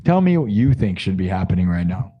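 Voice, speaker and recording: A man's voice: deep voice, sing-song, brisk, highs cut off. A man hosting an improvised music and story livestream, talking casually and joking around with his viewers in a rambling way. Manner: playful, rambling, joking asides to chat.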